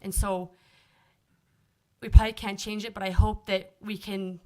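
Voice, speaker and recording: A woman's voice: medium pitch, little pitch movement, normal speed, mellow. Earnest woman appealing to a council. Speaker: resident giving public comment. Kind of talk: public comment at a council meeting. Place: city council chamber.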